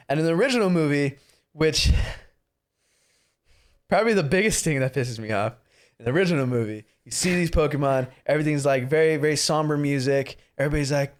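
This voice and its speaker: A young man co-hosting a casual podcast, ranting about a movie with lots of swearing and mimicking characters in squeaky voices. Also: a little fast. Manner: profane, animated, mimics characters in high voices. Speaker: podcast co-host. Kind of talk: casual movie review chat.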